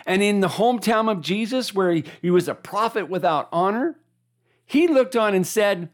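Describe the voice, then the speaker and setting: A preacher delivering a sermon, animated, asking listeners to repeat key lines back. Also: mid-range voice, normal speed.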